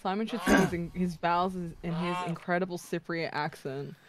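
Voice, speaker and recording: A woman's voice: fairly low pitch, fairly even intonation, normal speed, a little hiss or hum. Playful teasing woman co-streamer. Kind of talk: live gaming stream chat.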